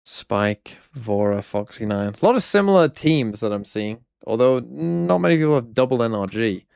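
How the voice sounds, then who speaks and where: A man's voice: medium pitch, animated, normal speed, gravelly, darkish tone, clean tone, no room sound, clean studio sound. A man streaming, casually reviewing viewers' fantasy teams in a wry, blunt way, thinking aloud. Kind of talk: casual livestream commentary.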